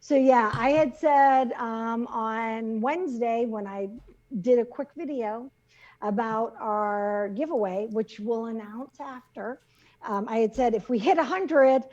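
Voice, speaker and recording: A woman's voice: a little high, slow, a little mellow, muffled recording. A middle-aged woman co-hosting a casual chat show, talking chattily with frequent laughs and restarts. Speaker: podcast co-host.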